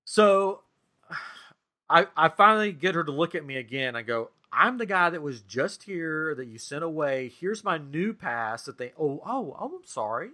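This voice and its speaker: A podcast co-host, male, with a voice on the slightly high side, tells the story of a frustrating experience at a moderate pace. The chat is relaxed, yet his retelling is lively and exasperated, packed with quoted dialogue.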